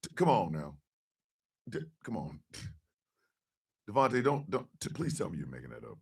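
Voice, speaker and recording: A man hosting a radio show, joking loudly with profane rants, mock outrage and sudden shouted lines. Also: low-pitched, huge pitch swings, moderate pace, husky, recorded from a distance. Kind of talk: loud comedic live-stream banter.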